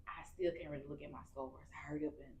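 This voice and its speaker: A woman's voice: low-pitched, steady tone, quick pace, warm tone. A woman in her thirties, a podcast guest telling her story candidly and with emotion in casual speech. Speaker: podcast guest, cancer survivor. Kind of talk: casual heartfelt interview.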